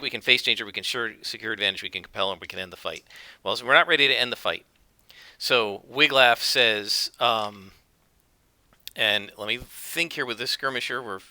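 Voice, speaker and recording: A man's voice: mid-range voice, bright, forceful tone, no echo. A man narrating his solo tabletop game, thinking aloud and explaining dice rolls with frequent fillers and corrections. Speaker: game master and solo player.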